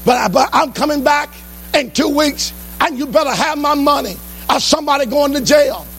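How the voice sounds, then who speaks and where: Sermon retelling: male preacher as a threatening tax man, high voice, blunt demands. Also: moderate pace, a bit bright, soft background music. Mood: demanding. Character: Zacchaeus, gruff male tax collector demanding money.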